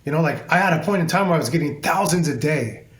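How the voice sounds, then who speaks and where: A man's voice: on the high side, lively intonation, quick pace. A man, a hairstylist guest on a podcast, talking in an intense, emphatic way and swearing freely. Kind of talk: podcast conversation. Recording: roomy echo.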